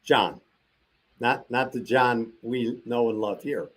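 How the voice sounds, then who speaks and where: A man's voice: medium pitch, slow pace, breathy edge. An older man as an interview guest, telling a long personal story and acting out the voices of the people he quotes.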